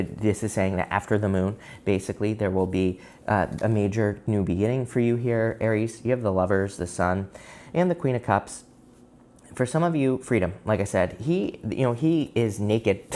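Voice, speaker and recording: A man giving a casual tarot reading to camera, talking in a loose, chatty way full of fillers, his voice jumping up in pitch now and then. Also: darkish tone. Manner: chatty and loose, many fillers and sudden upward pitch jumps. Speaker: tarot reader.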